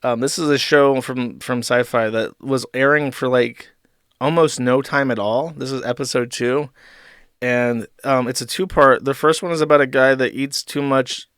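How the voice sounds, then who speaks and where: A man hosts a live stream and talks to his chat in a rambling, irritable way, with a lot of swearing. His voice sits at an ordinary middle pitch. He is close to the mic and the sound is dry. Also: steady tone, moderate pace, fairly bright tone, clean tone, no room sound. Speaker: streamer host. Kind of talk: casual live-stream commentary.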